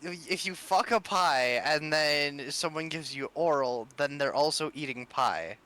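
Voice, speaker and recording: Smooth, bright man with a slightly high voice. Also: dry recording. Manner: meandering, halting explanations. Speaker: podcast co-host. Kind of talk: casual chat.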